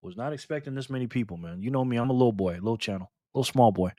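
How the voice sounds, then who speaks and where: A middle-aged man hosting a casual live stream, lively and teasing, laughing often as he reacts to chat. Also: mid-range voice, rapid-fire, dry recording, studio quality.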